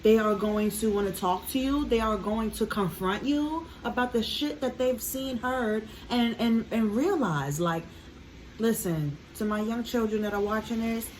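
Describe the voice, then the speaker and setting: A woman's voice: fairly high pitch, a little slow, darkish tone, a little hiss or hum, rough recording. A woman. She talks earnestly in a casual, emotional way, swears freely and fills her talk with "you know". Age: 20s. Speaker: reaction video host.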